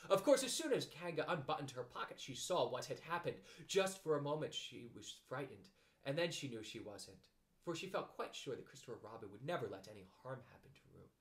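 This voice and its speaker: Expressive man reading a storybook. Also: medium pitch, brisk. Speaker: narrator.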